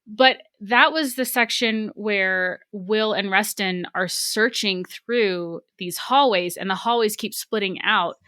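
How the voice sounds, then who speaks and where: A woman's voice: mid-range voice, slow pace, hardly any pauses, sharp tone, clear, resonant tone, no room sound, studio quality. A woman co-hosting a book club podcast, talking casually and animatedly with many restarts. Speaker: podcast co-host.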